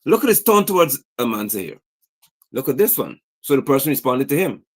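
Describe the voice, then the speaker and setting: Indignant man with a lively, rising voice. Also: medium pitch, a little fast. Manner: indignant, rhetorical questions, reads posts aloud. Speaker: political commentator. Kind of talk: livestream commentary. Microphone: streaming setup mic.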